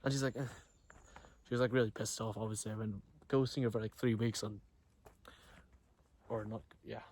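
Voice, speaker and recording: A man's voice: lowish voice, steady tone, normal speed, a little mellow. A young man telling a story to camera outdoors, in a slangy, profane, rambling way with lots of restarts. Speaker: vlogger. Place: outdoors near trees. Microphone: camera he films himself with.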